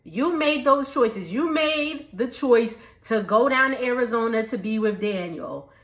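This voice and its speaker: A woman's voice: fairly high pitch, animated, a little slow, roomy sound. A woman giving a chatty recap of a reality show, laughing often and mimicking the people she quotes. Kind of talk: casual recap vlog.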